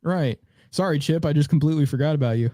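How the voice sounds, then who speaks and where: A man's voice: a little high, fast, warm tone, dry recording, clean studio sound. A young man co-hosting a podcast in casual chat, rambling with fillers and laughing often. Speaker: podcast co-host.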